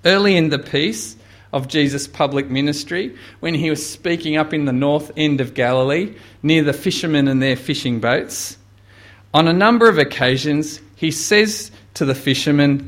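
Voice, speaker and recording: A man's voice: on the high side, normal speed. A man preaching a sermon, retelling a gospel story and lifting his voice to quote Jesus with dramatic weight.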